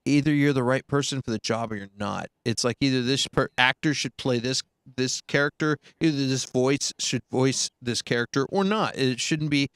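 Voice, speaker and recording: Man, voice actor, casual chat, bright forceful tone, dry close mic. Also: medium pitch, normal speed, hardly any pauses, clean tone, no room sound. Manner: rambling storyteller, many restarts, slips into voices.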